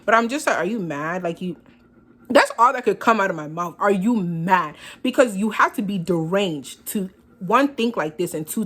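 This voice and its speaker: A woman's voice: mid-range voice, a bit bright. A young woman vlogger telling a storytime in a sassy, dramatic way, acting out both sides of the conversation.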